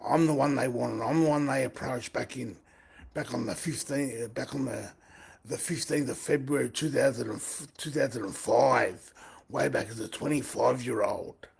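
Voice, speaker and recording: A man's voice: medium pitch, normal speed, gravelly, husky. A man in his forties talking through a rambling live monologue, repeating his phrases and circling back to them. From Australia. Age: 40s. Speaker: livestream host.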